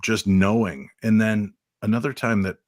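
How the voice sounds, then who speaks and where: A middle-aged man, a radio guest, recounting a personal story in a measured, reflective way, with hesitant fillers. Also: lowish voice, fairly even intonation, darkish tone, dry recording, studio quality.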